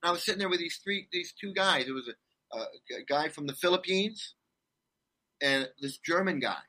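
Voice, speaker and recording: A man in his sixties from California, a guest telling rambling, animated stories with many restarts in a casual interview. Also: fairly high pitch, normal speed. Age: 60s.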